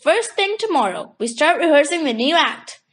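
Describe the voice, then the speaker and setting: A woman voicing a boisterous old male circus magician who talks in loud exclamations and calls the boys laddies. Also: high voice, big pitch swings, moderate pace, pitched above the performer's own voice. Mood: hearty.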